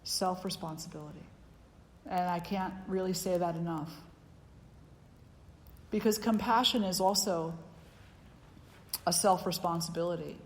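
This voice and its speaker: A woman's voice: fairly low pitch, fairly even intonation, a little slow, long pauses. A woman giving a spiritual teaching talk, earnest and emphatic, often repeating her key phrases. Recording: long reverb hall with faint background noise.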